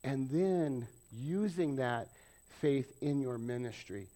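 A man's voice: medium pitch, animated, slow, dark tone. A man preaching a sermon, acting out people's prayers and joking with the congregation. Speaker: pastor.

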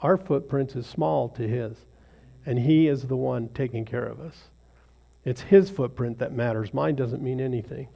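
A man's voice: mid-range voice, normal speed, vocal fry, dark tone. A man leading an informal devotional talk for a small group in a rambling, self-deprecating, conversational way. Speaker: lay speaker leading a devotional.

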